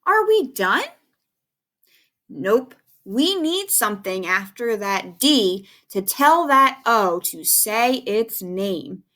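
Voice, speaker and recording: Young female teacher for a kids' phonics video; unhurried, patient, sing-song delivery. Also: mid-range voice, animated, a bit bright. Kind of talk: remote phonics lesson for young children.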